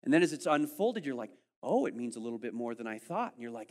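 Animated preacher man in a reverberant hall. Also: medium pitch, fast, few pauses. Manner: animated, acts out listeners' voices, swings from loud to hushed. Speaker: pastor. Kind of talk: sermon.

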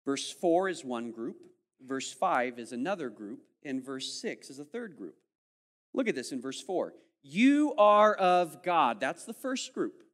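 A pastor delivers an animated sermon in a medium-pitched voice, acting out the voices of his listeners. He swings between loud, pressing moments and hushed, slow ones, and the sound carries a long reverb tail.

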